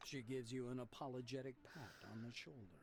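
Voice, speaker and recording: A man reading the narration of a text game aloud in a plain, even way. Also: medium pitch, brisk, a little hiss or hum.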